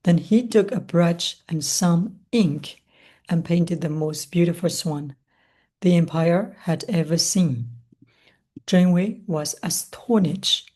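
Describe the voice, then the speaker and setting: A woman teaching English, reading a story aloud slowly and stopping to explain new words, asking questions and answering them herself. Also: lowish voice, dark tone, breathy edge. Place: language school classroom.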